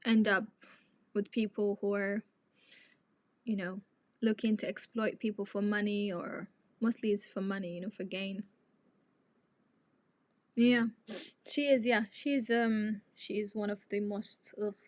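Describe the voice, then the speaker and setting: A woman's voice: mid-range voice, fairly even intonation, unhurried, pauses often, dry recording. Outspoken woman hosting a live stream. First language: Tigrinya. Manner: outspoken, indignant, chatty with viewers. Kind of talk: casual live chat.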